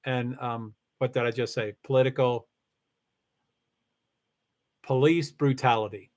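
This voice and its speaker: A man's voice: medium pitch, fairly even intonation, a little slow, a little mellow. A middle-aged man hosting a livestream, chatting casually with viewers, rambling with frequent restarts and the odd swear word. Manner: rambling, restarts often, swears when heated. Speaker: livestream host reading chat. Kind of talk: casual chat.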